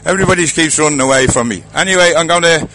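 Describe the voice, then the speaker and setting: Irish male host, chatty festival walkabout, bright and slightly high voice. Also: very fast, slight background noise. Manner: chatty, jokey, laughs often. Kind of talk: casual walkabout interviews.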